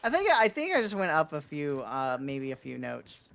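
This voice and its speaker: A woman's voice: deep voice, sing-song, moderate pace, gravelly, a bit bright. A woman with a sore throat chatting playfully on a podcast stream. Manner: playful, joking. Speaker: streamer co-host. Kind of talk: casual podcast chat.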